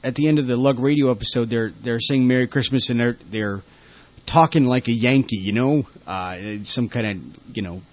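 A man's voice: mid-range voice, fairly quick, dull audio. A man hosting a casual tech podcast, rambling and laughing with many fillers. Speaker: podcast host. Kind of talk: casual tech show chat.

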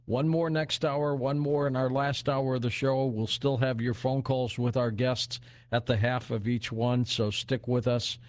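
A male late-night radio talk show host, speaking relaxed and conversational. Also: mid-range voice, measured pace, no echo.

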